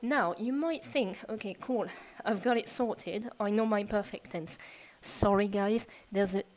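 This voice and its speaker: Woman teacher explaining a grammar rule, patient, repeats herself a lot, mid pitch. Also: a little slow, darkish tone, poor audio. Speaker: French teacher. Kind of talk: online language lesson.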